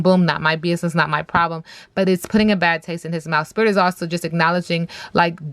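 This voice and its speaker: Woman, lowish voice, tarot reader, sassy and emphatic, dry close sound. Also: dry recording. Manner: sassy, emphatic, repeats words and lists. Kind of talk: tarot reading monologue.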